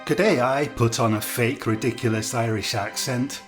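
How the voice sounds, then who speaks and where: A man's voice: mid-range voice, normal speed. A man narrating a scripted story in a wry, conversational way. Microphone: USB studio mic. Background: faint incidental music.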